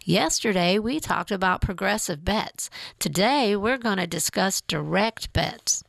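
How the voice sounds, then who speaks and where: A woman voicing a loud, enthusiastic middle-aged female casino instructor in an upbeat, teacherly way. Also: medium pitch, lively intonation, measured pace, gravelly, dry recording, full character voice.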